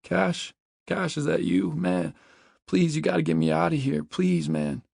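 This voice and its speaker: A man's voice: medium pitch, big pitch swings, unhurried, vocal fry, a bit bright, dry recording, studio quality, pitched above the performer's own voice, exaggerated voice. A man voicing a panicked young man who is trapped and begging desperately to be let out. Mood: desperate pleading. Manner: pleading, whimpering.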